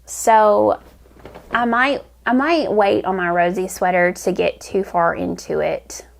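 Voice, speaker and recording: A woman's voice: mid-range voice, steady tone, slow pace, gravelly. A woman hosting a crafting vlog, chatting enthusiastically to camera with rambling restarts. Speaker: knitting vlog host. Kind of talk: casual chat to camera.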